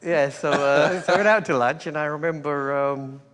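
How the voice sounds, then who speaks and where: A man who grew up in England, a guest entrepreneur telling his story in a relaxed, anecdotal way with fillers and laughter. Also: a little high, normal speed, big-room sound. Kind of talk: conversational interview. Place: hall before a live crowd.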